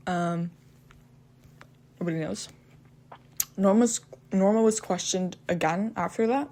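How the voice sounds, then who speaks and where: A woman's voice: mid-range voice, takes it slowly, pauses often, mellow, slight background noise. A woman retelling a true crime case in a casual way. She keeps stumbling and restarting, and she breaks in with blunt, profane asides. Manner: hesitant, with frequent restarts and "um".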